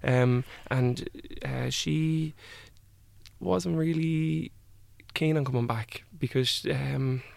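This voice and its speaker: Young guy, gravelly voice, dry close sound, halting story full of "like". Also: mid-range voice, darkish tone, no room sound. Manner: halting, with many "like" and "I was like" quotes. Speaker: guest. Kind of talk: personal storytelling in conversation.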